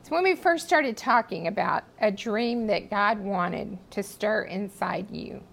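Earnest woman teaching scripture, gravelly edge. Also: medium pitch, rough recording. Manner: earnest, expressive storytelling with dramatic pauses. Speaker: speaker teaching a Bible study. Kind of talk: devotional teaching, reading scripture.

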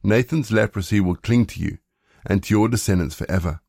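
A stern old prophet speaks in a low, grave and measured voice, as a man reading a scripture story gives him his lines. The sound is dry and close, with no room around it. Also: gravelly, a little mellow, no echo. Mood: solemn. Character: stern old male prophet rebuking and guiding.

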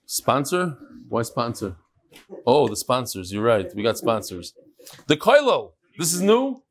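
A man teaching a daily Talmud class as a rabbi, animated and teasing, joking with his audience as he reads messages and sets riddles. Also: medium pitch, a little slow. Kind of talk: Talmud lesson with joking banter.

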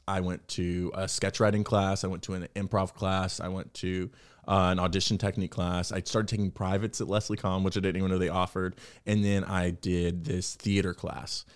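A young man, an actor, talking candidly in an interview, telling his story in a reflective, animated way. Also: low-pitched. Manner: candid, reflective, animated when quoting himself. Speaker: actor and podcast guest.

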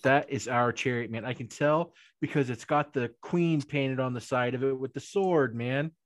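A man's voice: medium pitch, normal speed, no room sound, clean studio sound, natural voice. A man playing a laid-back, dazed stoner in a tabletop role-play, drawling and tacking "man" onto everything he says. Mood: rambling.

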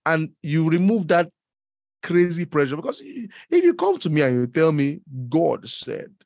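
Animated pastor with a gravelly voice. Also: male voice, moderate pace, no room sound, studio quality. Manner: animated, teasing, laughs often, leaps in pitch. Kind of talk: sermon.

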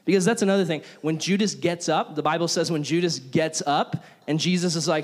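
A man preaching a sermon as a pastor, telling a story in an animated way and acting out its characters. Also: a little high, fairly quick.

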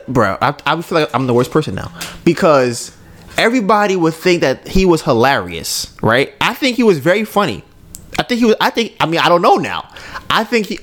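A man's voice: high voice, fairly bright tone. A man hosting a podcast, telling a story in a casual chat, laughing often and tagging sentences with "right?". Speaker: podcast host.

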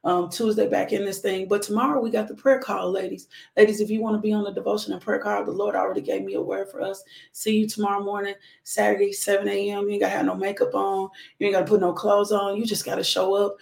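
A woman's voice: medium pitch, level tone, fast talker, gravelly, a little mellow, echoey room. A woman ministry leader, fervently hosting a morning devotional and talking straight to her viewers. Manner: fervent, preachy, calls out to viewers.

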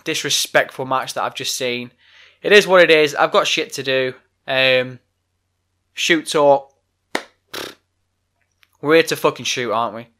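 A man's voice: mid-range voice, pushed and bright. A man hosting a solo wrestling podcast, ranting bluntly and swearing a lot. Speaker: podcast host.

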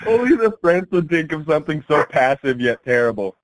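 A man's voice: on the high side, big pitch swings, brisk, no room sound, low-quality recording. A young man co-hosting a comedy podcast, cracking jokes and giggling in casual chat. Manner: joking, giggly. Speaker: podcast co-host.

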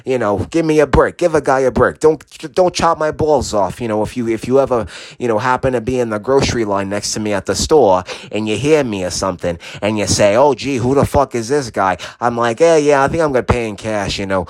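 A man's voice: medium pitch, fairly quick, few pauses, dry recording. Giggly, foul-mouthed rambling man. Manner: giggly, profane, scattered and self-interrupting. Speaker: podcast host. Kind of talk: rambling late-night monologue.

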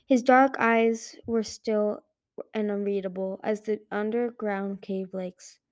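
A woman reading a fantasy novel aloud in a soft, measured narration. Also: mid-range voice, fairly even intonation. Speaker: audiobook reader. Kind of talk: fan audiobook narration.

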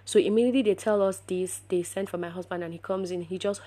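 A woman vlogger telling her own story in a casual, animated way, speaking straight to her viewers with sudden louder, higher bursts of emphasis. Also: fast talker. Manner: addresses viewers directly.

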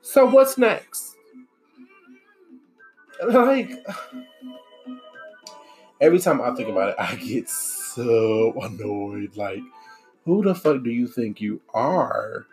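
A woman's voice: very deep voice, big pitch swings, slow pace, long pauses, a little mellow. Blunt, profane woman ranting over music. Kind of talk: candid ranting monologue. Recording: music playing behind the voice.

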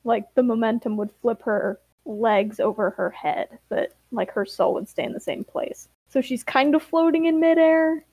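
A woman's voice: on the high side, moderate pace, hardly any pauses, a little mellow, dry recording. A woman co-hosting a podcast, chatting in an amused, talkative way about the story. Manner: amused, chatty, laughs between remarks. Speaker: podcast co-host. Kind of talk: casual chat commentary.

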